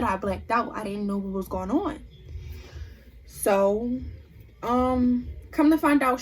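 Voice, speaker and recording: A woman's voice: fairly high pitch, a little hiss or hum, rough recording. Chatty young woman telling a story. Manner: animated, retelling with quoted dialogue. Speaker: vlogger. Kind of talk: casual storytime chat.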